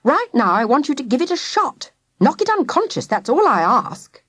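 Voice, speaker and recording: A woman's voice: high voice, big pitch swings, normal speed, a bit bright, no echo, clean studio sound, pitched above the performer's own voice. Woman playing a harried, exasperated father. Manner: urgent, exasperated. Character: harried, exhausted father, a dentist.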